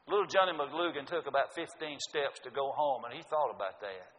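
A man's voice: mid-range voice, brisk, hardly any pauses, fairly bright tone. A man preaching a sermon, earnest and emphatic, citing scripture. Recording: dull lo-fi audio with long hall reverb.

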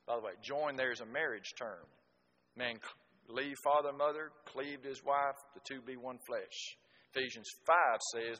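A man preaching a sermon, telling folksy stories that swing from loud exclamations to quiet asides. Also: mid-range voice, moderate pace, muffled recording. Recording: reverberant hall.

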